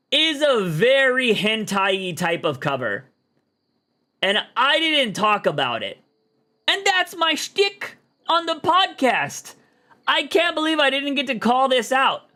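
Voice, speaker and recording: A young man rambling in loose, slangy, animated talk as he chats on his livestream about comics. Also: very high voice, slow pace. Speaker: streamer and comic podcast host. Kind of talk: casual livestream chat.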